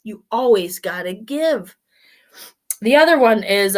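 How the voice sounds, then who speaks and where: A woman's voice: mid-range voice, expressive, slow, darkish tone. A woman in her forties talking casually to camera, blunt and swearing freely as she tells stories. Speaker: vlogger.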